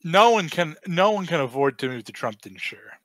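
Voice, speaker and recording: Brief: young man, fairly high voice, earnest, dry close-miked sound. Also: big pitch swings, moderate pace, fairly bright tone, dry recording. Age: young adult. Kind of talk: casual podcast discussion.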